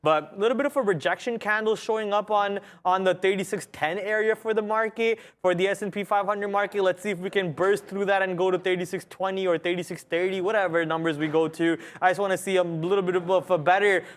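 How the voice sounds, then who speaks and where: A man's voice: high voice, fairly even intonation, fast talker, few pauses. A young man co-hosting a live trading stream, chatty, joking and a bit boastful about his wins. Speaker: co-host trader.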